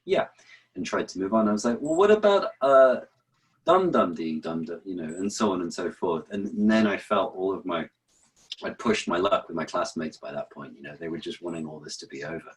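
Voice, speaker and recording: A man's voice: low-pitched, fairly even intonation, brisk, low-quality recording. A man, an actor and author, telling stories in an interview and chanting verse rhythms aloud. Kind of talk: relaxed explanatory interview talk.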